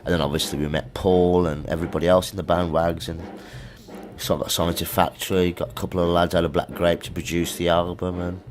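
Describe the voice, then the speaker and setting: A middle-aged man with a Birmingham accent, a musician guest chatting in a music studio. His voice sits very low. He tells long, rambling anecdotes in an easygoing way. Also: little pitch movement, fairly quick. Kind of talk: casual chat interview.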